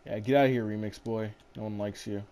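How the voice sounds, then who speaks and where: A man's voice: lowish voice, steady tone, quick pace, warm tone. A man hosting casual gameplay chat, rambling in a laid-back way and swearing casually. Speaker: gaming channel host.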